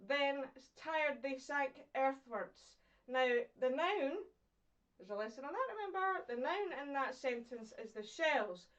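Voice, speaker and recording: A Scottish woman, an English teacher, gives a chatty, encouraging online poetry lesson, asking questions and pausing for her pupils. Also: on the high side, distant mic, lo-fi sound.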